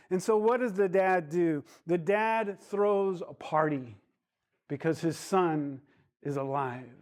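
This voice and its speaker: Slow-speaking male Bible teacher. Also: high voice, darkish tone. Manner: storytelling with digressions. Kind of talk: Bible study lesson.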